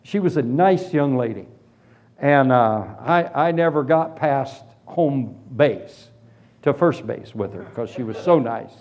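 A man preaching a humorous sermon testimony, telling his story in an animated, self-deprecating way. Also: mid-range voice, measured pace. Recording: dull lo-fi recording.

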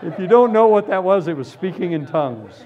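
Animated man preaching his testimony. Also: high-pitched, fairly quick, dull audio, noisy background. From Florida, US. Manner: animated storytelling, drops to hushed tones then bursts into shouts. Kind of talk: testimony sermon.

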